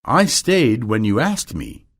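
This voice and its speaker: A man reading aloud and voicing a witty aristocratic gentleman, speaking in an assured, casual way. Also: mid-range voice, huge pitch swings, slow, full character voice.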